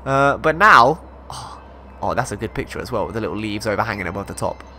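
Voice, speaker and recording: A young man giving excitable let's-play commentary, exclaiming and laughing often as he plays. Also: on the low side, fast talker, slight background noise. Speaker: gaming YouTuber.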